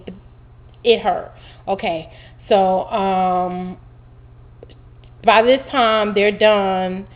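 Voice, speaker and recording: A woman vlogger recounts her surgery in casual storytelling to camera, her mid-pitched voice animated and rambling with many fillers. The home video audio is muffled, dull, and lo-fi.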